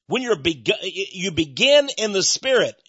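Folksy, lively high-voiced preacher man. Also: unhurried, breathy edge, no echo, highs cut off. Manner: folksy, earnest, emphatic with frequent restarts. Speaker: ministry leader and program host. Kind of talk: radio ministry appeal and Bible teaching.

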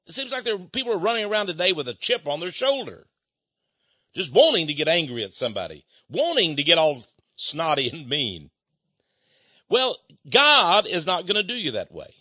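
Older male preacher, conversational and animated, laughs a lot; lo-fi dry recording. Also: a little high, normal speed, dry recording. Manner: chatty, laughs often, acts out quoted voices. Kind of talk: folksy informal preaching.

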